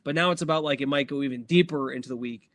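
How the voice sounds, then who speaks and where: A man's voice: mid-range voice, very fast, a bit bright. A man co-hosting a sports podcast, chatting casually and rambling through fillers and restarts. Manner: rambling, filler-heavy, self-correcting. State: has the hiccups. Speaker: podcast co-host.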